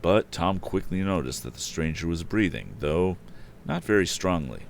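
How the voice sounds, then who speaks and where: A man reading an old adventure novel aloud, narrating and jumping into excited character voices. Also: moderate pace, vocal fry, a little hiss or hum. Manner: animated, jumps up in pitch for excited characters. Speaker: storyteller.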